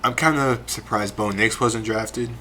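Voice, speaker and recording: Bright-voiced man with allergies. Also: fairly low pitch, a little slow, a little hiss or hum. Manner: emphatic, repeats himself, swears. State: stuffy from allergies, eyes watering. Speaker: podcast co-host. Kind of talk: casual chat.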